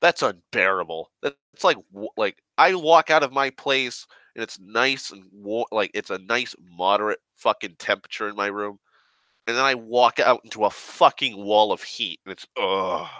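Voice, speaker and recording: A man's voice: fairly low pitch, moderate pace, pushed and bright, no room sound. A sick young man who coughs now and then, rambling in a profane, grumbling, sarcastic rant. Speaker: online rambler.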